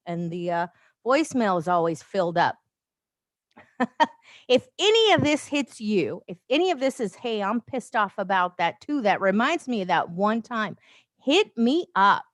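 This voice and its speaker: A woman hosting a casual livestream from her phone, chatty and rambling, with animated asides and frequent laughs. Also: mid-range voice, no echo, studio quality. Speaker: life coach livestream host. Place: home, with noise outside.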